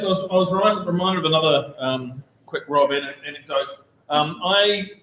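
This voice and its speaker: A man hosting a memorial gathering tells a wry anecdote and thanks everyone for coming. His voice is a bit higher than most men's. It echoes around the room, with faint ambience behind. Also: a bit bright, slight background noise. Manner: wry storytelling.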